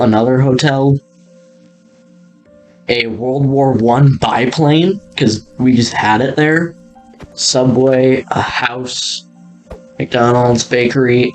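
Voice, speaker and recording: A man giving a casual, rambling walkthrough, laughing often and trailing off mid-sentence. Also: medium pitch. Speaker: video creator touring an old game world.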